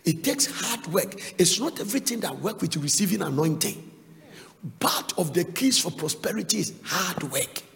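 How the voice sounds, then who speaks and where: A male pastor preaching an impassioned sermon that swings from loud cries to low asides. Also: expressive, moderate pace, vocal fry. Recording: long reverb of a large hall.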